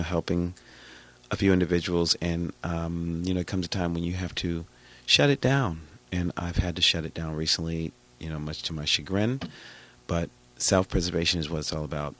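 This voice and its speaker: Man, radio DJ, extremely deep voice, husky and raspy, hoarse from a cold, chatty with sudden loud bursts. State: hoarse, getting over a cold. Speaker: radio host and DJ. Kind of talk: casual radio chat.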